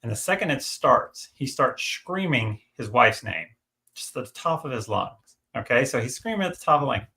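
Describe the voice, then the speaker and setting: Gravelly middle-aged guy, bright tone, chatty storyteller on a live stream. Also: medium pitch, moderate pace. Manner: chatty, animated storyteller, many fillers and restarts. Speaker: guest on a livestream. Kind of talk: casual chat, storytelling.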